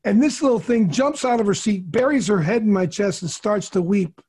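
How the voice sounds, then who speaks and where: A man's voice: high-pitched, moderate pace, darkish tone, husky. A middle-aged man, a podcast co-host, telling a heartfelt personal story in an earnest way and often repeating words. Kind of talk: candid storytelling.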